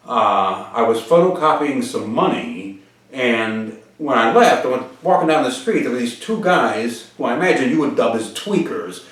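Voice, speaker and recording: Pompous, halting man in an echoey room. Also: medium pitch, animated, fairly bright tone. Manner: pompous, formal wording broken by frequent "uh" pauses. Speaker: host answering viewer questions. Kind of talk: deadpan comedic monologue. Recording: very echoey room, mic far off.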